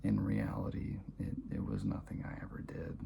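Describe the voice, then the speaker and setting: A man vlogging and telling a personal story to camera, speaking softly and often dropping to a near-whisper. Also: normal speed, a little hiss or hum.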